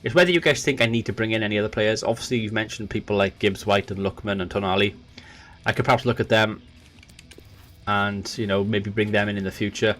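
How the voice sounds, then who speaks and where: A man's voice: lowish voice, a little fast. A man hosting a gaming video, chatting to viewers and calling the match like a commentator, his voice jumping up when a goal comes. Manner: excitable, voice jumps up on goals; chatty, talks to viewers directly. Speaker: gaming channel host. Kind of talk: let's play with football commentary.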